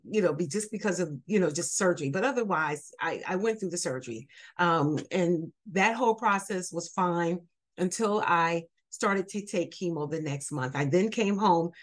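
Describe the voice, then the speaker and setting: Earnest woman telling her story. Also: mid-range voice. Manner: earnest, candid, with frequent fillers and restarts. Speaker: guest sharing her story. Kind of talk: personal storytelling.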